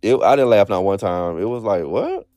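A man's voice: fairly low pitch, brisk, dry recording, clean studio sound, faint music behind. A man co-hosting a podcast, chatting casually about a reality show and acting out his own reactions. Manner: expressive, swears, acts out his own reactions. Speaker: podcast co-host.

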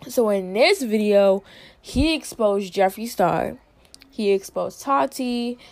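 A woman hosting a casual commentary, chatty and animated, acting out what others said. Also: medium pitch, takes it slowly, no room sound. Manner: chatty, animated, acts out quotes. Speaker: host.

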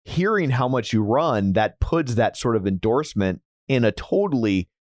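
A man's voice: medium pitch, animated, darkish tone, no room sound, clean studio sound. An American man co-hosting a podcast, telling stories and asking follow-ups in an easygoing way. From United States. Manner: easygoing, storytelling, quick to laugh. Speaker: podcast co-host. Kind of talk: casual podcast interview.

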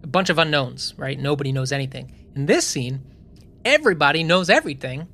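A man with a bright, clear-toned voice chats on a podcast. He weighs his thoughts out loud, with restarts and small pauses. His tone is relaxed and reflective. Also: fairly high pitch. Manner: thoughtful, analytical, with halting restarts. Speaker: podcast co-host. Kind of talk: casual chat.

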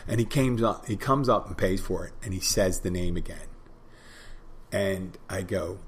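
In a low, steady voice at a moderate pace, a man hosting a podcast rambles through a bar story. As podcast host and bartender, he repeats lines and acts out each side of the talk.

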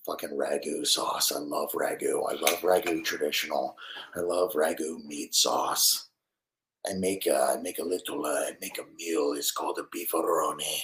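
Foul-mouthed deep-voiced man ranting. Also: steady tone, moderate pace, fairly bright tone. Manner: foul-mouthed, combative, rambling. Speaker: live streamer. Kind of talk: profane sports rant to chat. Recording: roomy echo.

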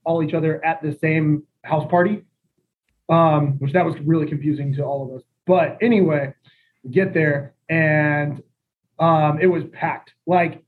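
A young man with a slightly high voice tells a rambling party story, laid-back and chuckling, as a podcast guest. It's casual storytelling, and the audio is tinny and phone-like with a little hiss or hum.

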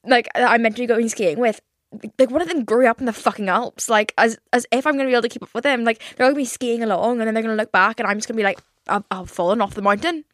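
A young woman hosting a podcast alone, rambling and self-mocking in casual chat, swearing freely and talking quickly in a studio. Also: fairly high pitch, dry recording. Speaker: podcast host. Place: recording studio.

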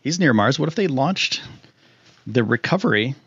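A man hosting a casual live stream, excitable and rambling with lots of fillers while he reads chat. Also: medium pitch, moderate pace, slightly rough, dry recording, lo-fi sound. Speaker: livestream host.

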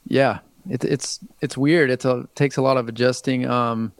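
A man's voice: mid-range voice, steady tone, moderate pace, no room sound. A man in his thirties, a musician guest in a casual interview, talking in a hesitant, rambling way with many restarts. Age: 30s.

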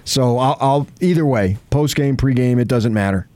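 A male radio host in casual sports chat, talkative and quick to laugh, with rambling restarts. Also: mid-range voice, dark tone, dry recording. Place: radio studio.

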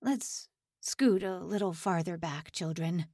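A woman voicing a calm, pious old male prisoner who leads a secret wedding. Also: lowish voice, measured pace, dry recording, studio quality. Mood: gentle.

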